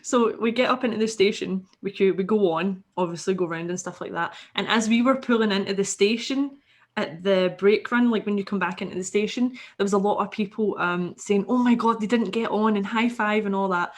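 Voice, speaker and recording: A woman's voice: medium pitch, a little fast. A Scottish woman, a podcast guest, telling a story casually and animatedly, swearing freely and acting out the people she quotes.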